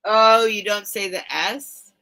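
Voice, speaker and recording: A bright, clear-toned woman hosts a late-night live stream and chats casually with her viewers. She speaks slowly and takes her time, reacting warmly and emotionally to each comment she reads aloud. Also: mid-range voice, fairly even intonation, low-quality recording. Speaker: host of a live vintage sale stream.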